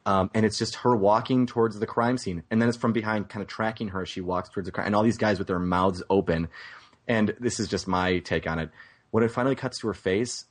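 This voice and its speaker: Man, low voice, casual movie podcast, rambling, cursing, animated impressions. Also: brisk. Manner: rambling, swears, animated voice imitations. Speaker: podcast co-host. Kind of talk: casual film chat.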